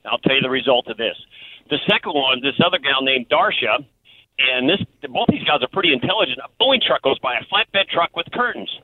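A man's voice: medium pitch, animated, a little fast. A man calling into a radio show, chatty and telling a prank story with chuckles. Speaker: caller. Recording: tinny phone line.

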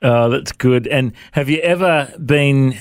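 A man's voice: mid-range voice, slow, smooth, no echo, studio quality. A man hosting an interview, asking rambling questions with repeated words. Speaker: interviewer host.

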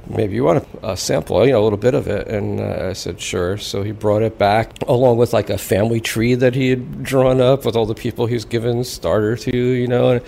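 Gravelly-voiced man baker being interviewed. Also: medium pitch, fairly even intonation, a little fast, few pauses, warm tone, a little hiss or hum. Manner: conversational, explanatory, with filler phrases. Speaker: bakery founder interviewed in an archived report.

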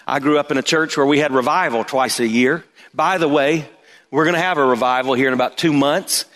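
A middle-aged man preaching a sermon as pastor, telling a personal story with animated emphasis. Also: on the high side. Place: church sanctuary. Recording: long reverb of a church hall.

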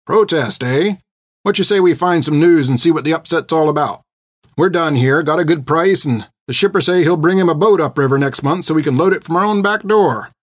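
A man's voice: fairly high pitch, brisk, dry recording, pitched above the performer's own voice, lightly acted. A man doing a folksy wagon driver. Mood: sly. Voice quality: folksy, clipped dialect. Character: gruff older male wagon driver, street-wise.

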